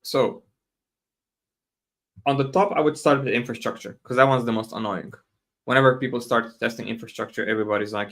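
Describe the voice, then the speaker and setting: A man talks through his ideas in a loose, conversational way, correcting himself midway and throwing in small asides. His voice sits at an ordinary middle pitch. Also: fairly quick, creaky, a bit bright. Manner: casual, self-correcting, laughs often, answers chat questions. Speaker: host. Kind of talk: live stream talk on software testing.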